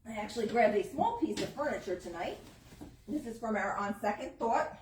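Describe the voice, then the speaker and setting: Expressive and fairly quick, this woman's voice sits on the high side with a darkish tone. As an antique shop host, she chats through items and prices in a live online sales pitch, with slight background noise and a roomy echo.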